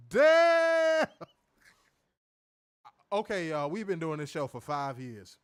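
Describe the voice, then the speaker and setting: A man co-hosting a casual wrestling review podcast, animated, swearing freely and laughing often. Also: a little high, normal speed. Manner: animated, profane, laughs a lot. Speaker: podcast co-host.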